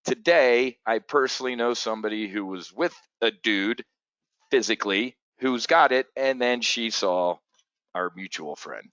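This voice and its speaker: A man's voice: medium pitch, measured pace, fairly bright tone, no room sound, dull audio. A man hosting a trading show, talking in blunt, profane, agitated rants full of restarts. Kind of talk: unscripted market commentary.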